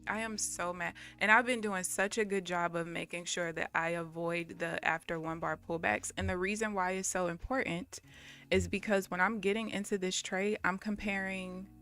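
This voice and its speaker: A woman's voice: lowish voice, fairly even intonation, normal speed, fairly bright tone. A woman live streaming her day trading, talking casually to viewers and swearing bluntly in frustration.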